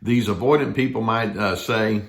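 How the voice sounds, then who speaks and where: An older man, a therapist, talking to camera in a conversational way and acting out quoted lines in a higher voice. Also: moderate pace. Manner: conversational, acts out quoted voices with rising pitch. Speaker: therapist giving a talk. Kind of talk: explanatory talk to camera.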